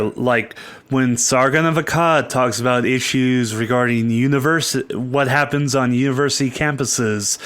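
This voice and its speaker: A man's voice: mid-range voice, fairly bright tone. Profane, rambling podcast co-host man. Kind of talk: casual chat.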